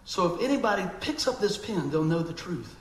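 A man's voice: high-pitched, very animated, a little fast, echoey room, poor audio. A man preaching a sermon, telling a story animatedly and acting out the voices of people in it.

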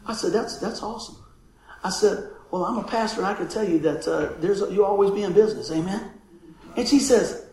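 Folksy pastor, echoey room. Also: male voice, high voice, fairly quick, a little hiss or hum. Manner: folksy, lively, laughing often, calling for amens. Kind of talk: sermon.

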